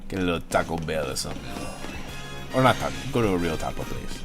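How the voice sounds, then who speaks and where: A man's voice: very deep voice, lively intonation, quick pace, over music. Rambling, joking young man streamer. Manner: rambling, joking, swears freely. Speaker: livestream host. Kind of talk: casual chat to stream chat.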